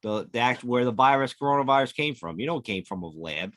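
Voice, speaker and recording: Brief: podcast host, man, average pitch, blunt and foul-mouthed, dry close mic. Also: expressive, fast, fairly bright tone, no echo. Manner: blunt, heavily profane ranting. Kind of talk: casual podcast chat.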